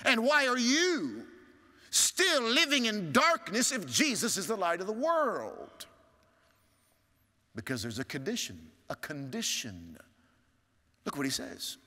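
A male pastor preaching a sermon, swinging from strong rising appeals to hushed, low asides. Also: very animated, slow, long pauses. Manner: preaching with sweeping rises and hushed drops. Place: large church sanctuary. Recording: church hall reverb.

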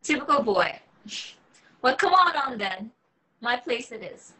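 A woman's voice: on the high side, very animated, a little slow, sharp tone, heavily acted, poor audio. A woman reading a young woman who is breezy and teasing but secretly menacing, at a table read over a video call.

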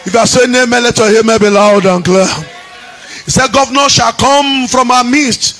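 High-voiced chanting pastor. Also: male voice, steady tone, normal speed, faint music behind, rough recording. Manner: chanting, rising into shouts. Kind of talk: sermon.

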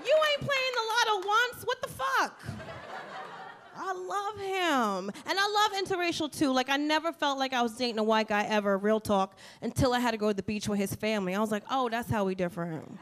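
A woman's voice: on the high side, lively intonation, quick pace, few pauses. A woman doing a stand-up comedy set in a comedy club, with a brash, profane and sassy delivery into a handheld stage mic. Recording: live club audio with crowd noise.

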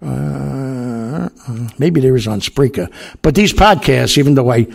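An older man hosting his own podcast, with a gravelly, husky voice. He rambles through a story in a loose, casual monologue full of fillers and asides. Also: medium pitch, animated, a little slow. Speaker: podcast host.

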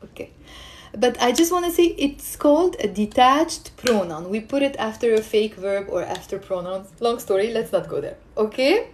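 A woman's voice: fairly high pitch, animated, normal speed, slight background noise. A woman teaching a live-streamed language lesson, chatting with viewers and drilling pronunciation. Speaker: Arabic teacher.

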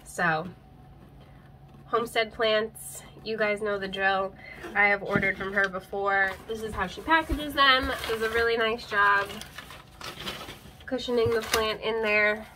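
A woman's voice: medium pitch, steady tone, measured pace, noisy background. A young woman in a casual unboxing vlog, gushing and teary, her voice catching as she laughs and cries over what she unwraps, recorded on a handheld camera. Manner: gushing, emotional, breaks into laughs and tears. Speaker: plant vlogger.

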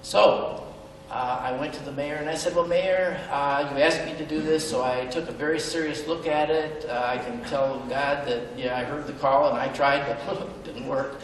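A man's voice: a little high, fairly even intonation, normal speed, few pauses. Middle-aged male speaker, earnest storyteller with wry humor; distant mic in a reverberant hall, faint room noise. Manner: earnest, with self-deprecating humor and hesitant fillers. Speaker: speaker at a benefit event. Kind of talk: personal storytelling speech. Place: large event hall.

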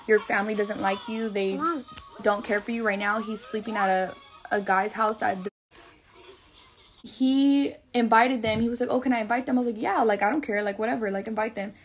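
A woman's voice: mid-range voice, fairly even intonation, fairly quick, soft background music. A young woman telling a long personal story on a live stream in a rambling, profane, emotional way. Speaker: livestreamer.

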